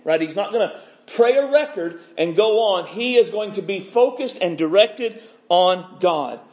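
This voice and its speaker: A man's voice: sits high, lively intonation, measured pace, a little mellow. A man preaching an expository sermon, fervent and emphatic, stacking repeated phrases. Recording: dull lo-fi recording.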